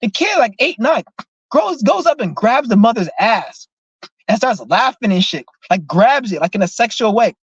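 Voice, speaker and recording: A young man telling a profane, animated story in a casual vlog rant. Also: sits high, moderate pace, slightly rough, dry recording, highs cut off. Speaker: vlogger.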